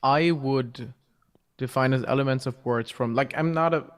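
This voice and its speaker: A man's voice: medium pitch, normal speed, clean tone. A male guest on a video call, explaining step by step with many fillers. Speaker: guest voice teacher.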